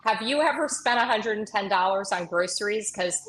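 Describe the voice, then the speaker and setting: Chatty woman co-host, bright sharp tone, quick joking asides. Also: mid-range voice, animated. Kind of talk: casual political talk show chat.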